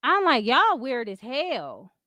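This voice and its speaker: A woman's voice: high voice, huge pitch swings, slow, bright, forceful tone, no room sound. A woman hosting a livestream, ranting in a profane, combative way and answering her chat in casual speech. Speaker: livestream host. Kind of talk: heated casual commentary.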